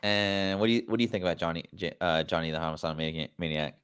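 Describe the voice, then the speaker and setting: Male host, lowish voice, casual and rambling, slangy delivery. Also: fast, a bit bright, clear, resonant tone. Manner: rambling, laid-back, slangy. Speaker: podcast host. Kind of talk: casual chat.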